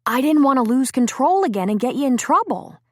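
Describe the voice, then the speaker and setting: A woman's voice: high-pitched, lively intonation, brisk, dry recording, clean studio sound, voice pushed up. A woman voicing an anxious young man who talks earnestly and tries to soothe his girlfriend. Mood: guilty, pleading. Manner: earnest, soothing, a little shaken. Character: guilty, anxious young man, gentle with her.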